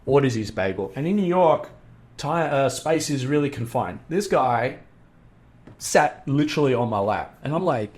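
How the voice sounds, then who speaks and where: A middle-aged man with an Australian accent, a podcast guest telling a story in a casual, animated way, acting out the voices of the people he quotes. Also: medium pitch, normal speed. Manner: animated, acts out quoted dialogue.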